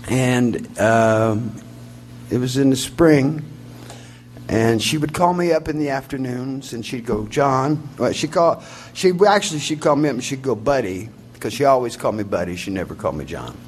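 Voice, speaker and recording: A man's voice: medium pitch, lively intonation, moderate pace, slight background noise. A man in his forties telling a long personal story in a rambling, folksy, wry way. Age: 40s. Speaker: singer-songwriter. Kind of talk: storytelling before a song.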